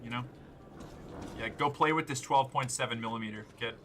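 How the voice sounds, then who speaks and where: A man giving casual gaming commentary, joking and swearing as he reacts loudly to the game. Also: mid-range voice, brisk, noisy background. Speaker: streamer.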